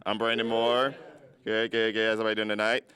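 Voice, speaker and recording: A man's voice: fairly low pitch, monotone, fast talker, bright, forceful tone. A young man doing a comedy sketch, joking about himself on stage. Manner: joking, self-mocking.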